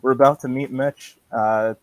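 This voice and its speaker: A man's voice: mid-range voice, steady tone, moderate pace, rough recording. A man hosting a casual late-night stream, reading a text game aloud with frequent laughs and restarts. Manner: laughs often, stumbles and restarts while reading.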